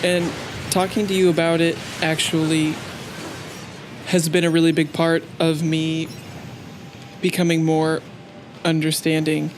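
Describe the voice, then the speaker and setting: A man's voice: a little high, completely flat delivery, unhurried, long pauses, a little hiss or hum. A man co-hosting a casual chat over a video game, a wry, joking but supportive listener. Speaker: co-host.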